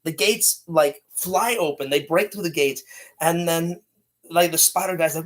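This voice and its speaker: A high-voiced man talks in an excitable rush about films. He gets loud and acts out lines as he retells scenes. He speaks into a home mic in a small room. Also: moderate pace. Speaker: co-host reviewing films. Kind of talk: casual chat.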